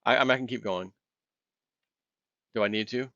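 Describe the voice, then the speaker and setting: A man's voice: mid-range voice, moderate pace, sharp tone, no echo, dull audio. A man hosting a solo commentary video, ranting in a heated, impassioned way and acting out imagined callers.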